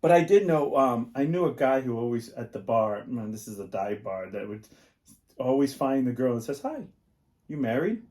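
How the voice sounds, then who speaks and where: A man's voice: mid-range voice, very animated, normal speed, darkish tone. Rambling middle-aged man telling bar stories. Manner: rambling, filler-heavy storytelling. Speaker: podcast co-host. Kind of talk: casual chat.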